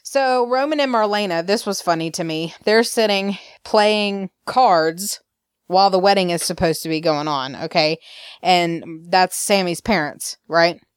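A woman's voice: lowish voice, measured pace, clear, resonant tone, dry recording, clean studio sound. A woman from Alabama with a Southern accent, chatting casually as a podcast host and acting out quoted lines with laughs. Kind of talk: casual recap chat.

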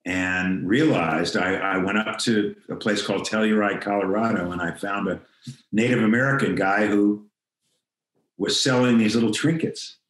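A man's voice: on the low side, steady tone, moderate pace, a bit bright, echoey room, poor audio. An older man telling a personal story as an interview guest, reflective, acting out the lines of people he quotes. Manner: reflective, acts out quoted dialogue. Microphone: video call.

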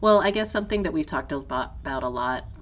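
Low-voiced woman podcast co-host. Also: expressive, fast talker. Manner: thoughtful, hesitant, many restarts and fillers; laughs often. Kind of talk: casual conversation.

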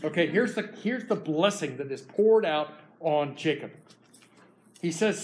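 A preacher retelling a biblical story in his sermon, lively and animated. His voice sits a little high and carries the drama of the scene. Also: a little slow.

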